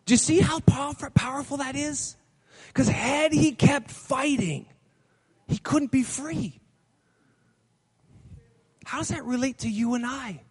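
A man preaches a sermon and acts out the characters in his stories with lively voices. His voice sits high. It rings through a large hall with a long echo. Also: unhurried, pauses often, husky. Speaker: pastor. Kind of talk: sermon with storytelling.

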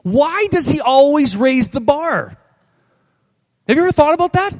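A pastor preaching a sermon to a congregation, emphatic, repeating phrases and asking the crowd questions. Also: male voice, extremely high pitch, animated, normal speed. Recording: long hall reverb.

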